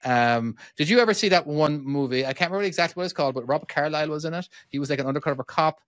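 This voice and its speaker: An Irish man co-hosts a podcast in casual chat, rambling, restarting his sentences often and chuckling easily. His voice is a little high and fairly bright, and he talks at a racing pace in a studio-quality recording with no echo.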